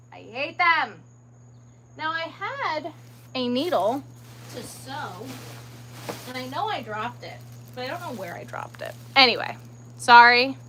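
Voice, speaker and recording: Woman streamer, casual rant, animated and bright-toned, exasperated asides. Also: sits high, low-quality recording. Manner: ranting, exasperated, drops to muttered whispers. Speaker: crochet livestream host. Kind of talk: casual livestream chat.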